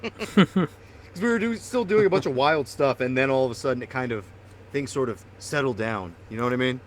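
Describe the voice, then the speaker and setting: A man's voice: mid-range voice, lively intonation, normal speed, a little hiss or hum. Rambling, profane guy on a podcast. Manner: rambling profane storytelling, laughs often. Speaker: podcast co-host. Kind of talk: casual chat.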